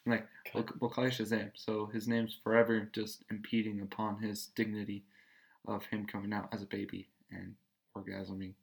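A man's voice: fairly low pitch, completely flat delivery, normal speed, creaky. A young man in casual podcast chat, joking and laughing often, using slang.

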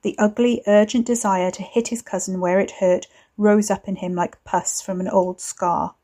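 A woman narrating a serialized novel in a steady, measured storytelling voice. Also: mid-range voice. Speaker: author and reader. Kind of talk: audiobook fiction narration.

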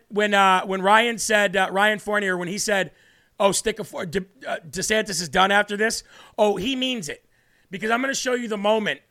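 An American man hosting a live political commentary show, talking in an animated, mocking way with rhetorical questions. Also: high-pitched, creaky.

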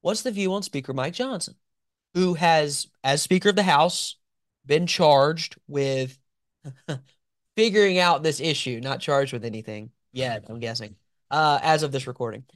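A male host giving opinionated political commentary, sarcastic and animated, with mocking asides. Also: a little high, unhurried, dry recording, studio quality.

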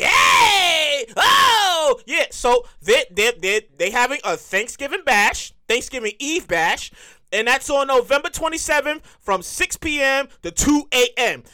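A man runs a comedic podcast monologue in a high voice that jumps all over the place. His tone is bright and sharp. He keeps repeating himself and laughing at his own stories. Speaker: podcast host.

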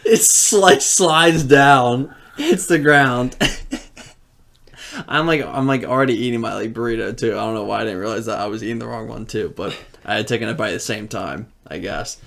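A man's voice: fairly low pitch, a little fast, vocal fry. A young man, a podcast co-host, telling a funny story in casual chat and laughing as he goes. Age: young adult. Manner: animated, laughs through his own story.

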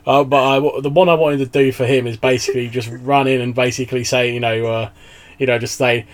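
A man hosts a relaxed podcast chat. He speaks in an ordinary mid-range voice. He stumbles with "uh"s as he talks through his ideas. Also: mid-range voice, a little fast. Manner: hesitant, with many "uh"s and laughs. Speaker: podcast host.

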